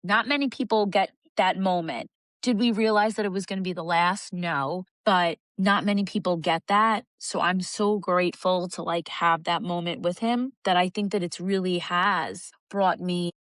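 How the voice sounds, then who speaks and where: A woman's voice: fairly low pitch, fairly even intonation, normal speed, fairly bright tone, dry recording. A young adult woman co-hosting a podcast, talking in an earnest, reflective way in casual chat. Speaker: podcast co-host.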